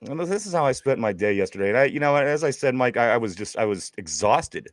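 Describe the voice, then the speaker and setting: A man's voice: mid-range voice, expressive, quick pace. A man with a Pittsburgh accent co-hosting a casual sports podcast. His voice rises and falls a lot as he rambles, stammering and repeating words. The sound is dry and close, with no room echo. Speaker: podcast co-host.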